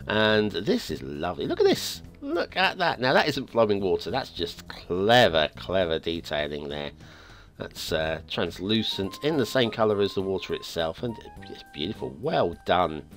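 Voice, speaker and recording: A man hosting a game map review show, talking in a casual, rambling way with many restarts, his voice getting a little hoarse. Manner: chatty and rambling, with frequent restarts and stammers; lively, swinging pitch. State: voice going hoarse. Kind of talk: casual video game commentary. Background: faint background music.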